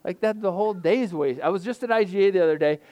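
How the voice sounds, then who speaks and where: A man's voice: high voice, fast talker, dark tone. A middle-aged man preaching an informal sermon, conversational and self-deprecating, with frequent restarts and fillers. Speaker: pastor.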